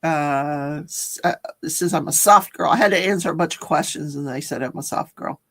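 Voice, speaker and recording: A woman with a deep, husky voice hosts a casual livestream at normal speed, chatting and giggling as she reads viewer comments aloud and reacts to them.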